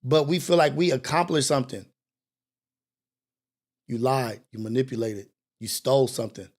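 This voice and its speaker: A young man hosting a morning show, talking in an animated, preachy and confessional way, with slang and cursing. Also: medium pitch, normal speed. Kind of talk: casual commentary monologue.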